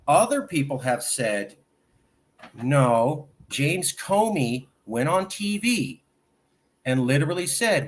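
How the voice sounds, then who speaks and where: Hosting a political talk show, a man with a slightly high voice is chatty and animated, quoting people at length to set up his questions.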